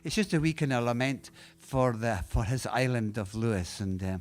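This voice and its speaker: A man's voice: mid-range voice, moderate pace. A man with a Scottish accent, a singer-songwriter hosting a live music show, chatting casually and telling homely stories between songs. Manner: relaxed and rambling, gentle chuckles, homely storytelling.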